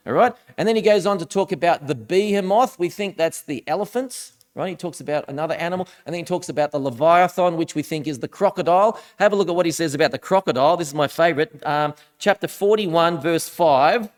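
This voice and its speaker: A man with a high voice gives a sermon in a relaxed, chatty manner. He reads scripture aloud and leans hard into the dramatic lines. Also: fairly quick. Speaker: minister.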